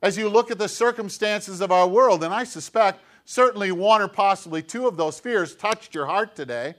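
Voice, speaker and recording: A middle-aged man delivers a sermon in a casual, conversational manner. His voice sits fairly high for a man. He pokes fun at himself and peppers the talk with rhetorical questions. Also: normal speed, a bit bright. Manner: conversational, self-deprecating preaching with rhetorical questions. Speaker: pastor.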